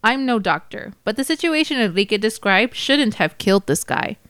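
A woman's voice: mid-range voice, lively intonation, normal speed, a bit bright, clean tone, no echo, studio quality, lightly acted. A woman reading as a cynical male ambulance-chasing lawyer, in a wry, hard-boiled first-person storybook narration. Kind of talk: audiobook narration.

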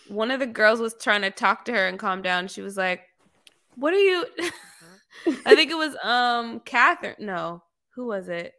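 A woman co-hosting a casual chat, animated and acting out quotes with laughing jumps in pitch. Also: measured pace. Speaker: podcast co-host.

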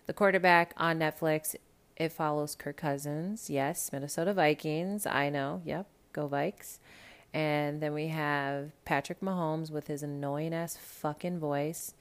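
A young adult woman hosting a casual solo podcast, talking bluntly and profanely in an animated, rambling way. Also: deep voice, a little slow. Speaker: podcast host.

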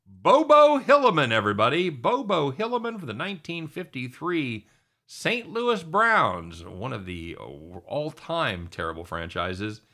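A middle-aged man hosting a sports talk show, excitable and chatty, often calling his co-host by name. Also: medium pitch, unhurried.

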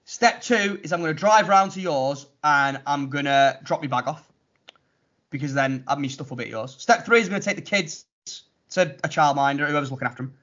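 A man telling a story in a casual chat, animated and mocking, acting out what others said. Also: fairly high pitch, a little fast. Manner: animated, mocking retelling with acted-out quotes. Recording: lo-fi muffled audio.

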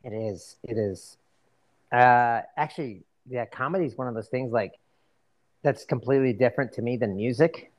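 A man's voice: medium pitch, normal speed. A middle-aged man co-hosting a podcast, chatting casually and telling easygoing, laughing anecdotes. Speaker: podcast co-host. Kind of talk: casual chat.

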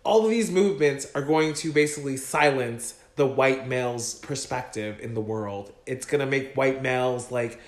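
A man's voice: medium pitch, moderate pace, hardly any pauses. A man co-hosting a podcast from an apartment, ranting in casual chat with heated, profane emphasis. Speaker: podcast co-host. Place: apartment room. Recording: roomy echo.

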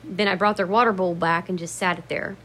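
Woman just rambling about her dogs, swears a lot, laughs at herself, gets loud when quoting people. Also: fairly low pitch, fairly even intonation, brisk, slight background noise. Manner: acts out quoted lines with sudden loud bursts. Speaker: dog owner telling memories. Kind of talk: casual storytelling to camera.

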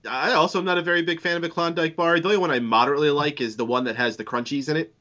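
Bright-voiced joking man. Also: fairly high pitch, fairly even intonation, rapid-fire. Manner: playful, joking. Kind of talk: casual chat. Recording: dull lo-fi recording.

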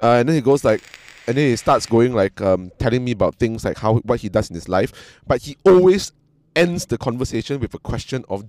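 A man in casual storytelling chat who is animated, swears freely and acts out the people he quotes. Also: medium pitch, brisk, no room sound.

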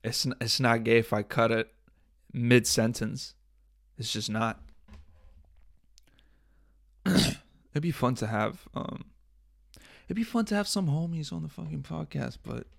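A young man hosting a casual solo podcast, rambling and swearing with jokes, often coughing and clearing his throat into a close microphone. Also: medium pitch, expressive, a little slow, long pauses, dry recording. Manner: rambling, profane, jokey, drifts between loud bits and mumbling. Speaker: podcast host. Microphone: studio microphone up close.

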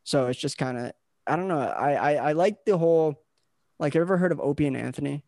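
Young man, podcast host, gravelly and dry, rambling easygoing chat. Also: on the high side, quick pace, a little mellow, dry recording. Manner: rambling, laid-back, lots of filler words and dudes.

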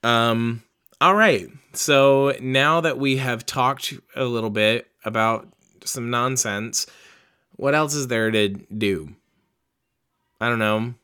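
Medium in pitch, smooth, with a sharp tone, this young man's voice carries his book-reading podcast. He rambles casually, swearing freely and poking fun at himself.

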